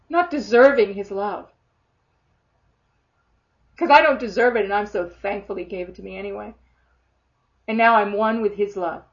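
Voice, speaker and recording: A woman preaching a sermon in a fervent, emphatic way, often acting out imagined prayers. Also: mid-range voice. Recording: dull lo-fi sound.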